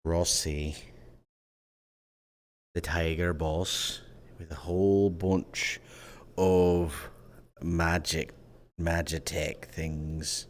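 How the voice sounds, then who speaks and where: A man's voice: sits low, steady tone, slow pace, long pauses, a little hiss or hum. A man streaming while in virtual reality, chatting casually and rambling as he greets his viewers one by one. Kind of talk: casual live-stream chat.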